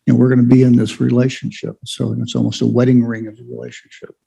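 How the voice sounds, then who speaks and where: A man's voice: mid-range voice, monotone, fast, gravelly, dark tone, breathy edge, rough recording. A man giving an informal church Bible lesson, rambling with many fillers and restarts. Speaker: Bible study teacher.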